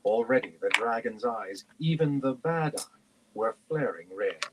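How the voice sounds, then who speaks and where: A man reading a fantasy novel aloud on a stream, in a steady, lightly expressive narration. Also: mid-range voice, a little slow, slight background noise, low-quality recording. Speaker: reader on a book stream.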